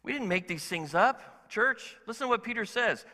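A male pastor preaching a sermon in an animated, conversational way, asking the congregation questions. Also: high-pitched, normal speed, few pauses, big-room sound. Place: church sanctuary.

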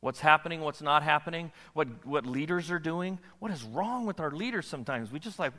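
A man preaching a sermon as a pastor, animated and often checking in with the audience. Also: fairly high pitch, fairly quick, hardly any pauses, long reverb tail. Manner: animated, asks the audience questions.

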